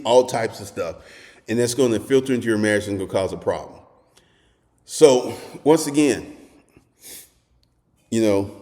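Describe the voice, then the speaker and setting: A man hosting a dating advice monologue, talking bluntly and crudely, telling stories with animation and at times shouting. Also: medium pitch, big-room sound.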